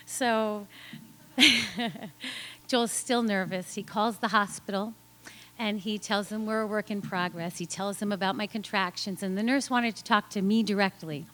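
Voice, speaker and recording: A woman telling a personal story on stage in an animated way, laughing often and acting out the voices of people she quotes. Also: mid-range voice, unhurried. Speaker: storyteller at a live story slam.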